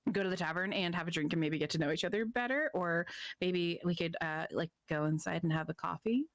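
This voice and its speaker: A woman's voice: on the low side, brisk, no room sound, close to an everyday voice. A woman doing a flirtatious adventurer woman in a tabletop game, hesitant and full of fillers. The recording is close and dry. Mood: flirty.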